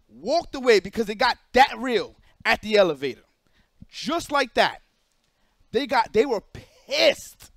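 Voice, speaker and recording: A high-pitched man rants a story to his stream chat, repeating himself for emphasis and slipping into other people's voices. The sound is dry and close, with no room around it. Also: gravelly, fairly bright tone, no echo.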